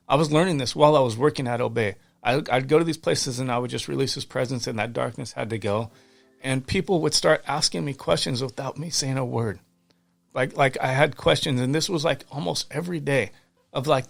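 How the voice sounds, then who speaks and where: Gravelly earnest man telling faith stories. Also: mid-range voice. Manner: earnest, fervent, many restarts and repeated words. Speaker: podcast guest. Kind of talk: casual interview storytelling.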